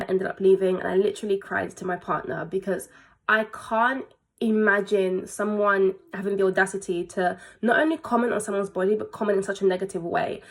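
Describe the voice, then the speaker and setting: A young woman vents to her viewers in an emotional storytime vlog. Her tone stays earnest and shaken, and she acts out the people she quotes. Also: medium pitch. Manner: earnest, shaken, quoting others in conversation. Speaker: content creator venting to viewers.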